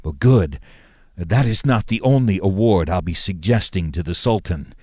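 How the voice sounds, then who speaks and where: A man voicing a formal, indignant male governor who speaks in a measured way with pointed emphasis. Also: sits low, expressive, warm tone, no room sound, studio quality.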